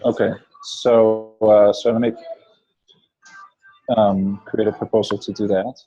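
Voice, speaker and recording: A man's voice: on the low side, flat delivery, measured pace, warm tone, lo-fi sound, faint music behind. A man leading a meeting in casual talk, hesitant, with many fillers and hums. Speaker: meeting facilitator.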